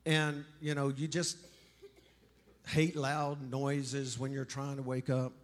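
A man's voice: medium pitch, little pitch movement, slow pace. A male pastor preaching a sermon conversationally, emphatic, with joking asides.

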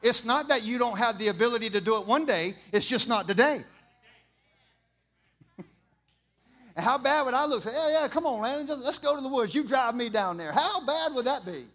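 Middle-aged pastor, high bright voice, fiery sermon delivery. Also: male voice, expressive, moderate pace, long pauses. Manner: impassioned preaching, builds to shouting, repeats lines.

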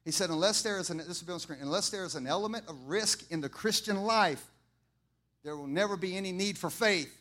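Middle-aged pastor, high bright voice, fiery sermon delivery. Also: male voice, a little fast. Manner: impassioned preaching, builds to shouting, repeats lines.

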